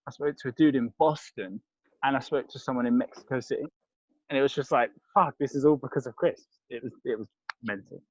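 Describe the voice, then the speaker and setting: Speaking fairly quickly in a medium, darkish-toned voice, a man with a London accent rambles through a casual podcast chat, restarting often and leaning on fillers. He's a guest on the show and a crisp reviewer. The recording is lo-fi with no room sound.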